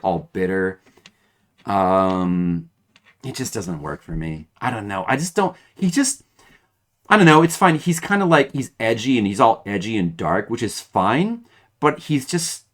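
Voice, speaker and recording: A man's voice: lowish voice, a bit bright. A man streaming a video game, commenting casually and rambling with many restarts and hesitations.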